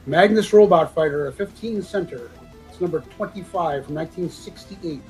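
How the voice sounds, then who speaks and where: A man's voice: on the high side, normal speed, a little mellow, faint music behind, rough recording. Congested man running a live comic auction. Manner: loose, joking, throat-clearing. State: congested from a sinus infection. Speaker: auction seller.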